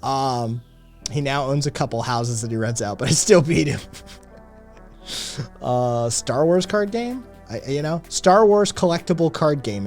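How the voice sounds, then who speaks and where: Hosting a casual livestream, a man with a medium-pitched, somewhat dark voice rambles and swears while answering chat messages. Now and then a slight Southern drawl comes through; he's a podcast host.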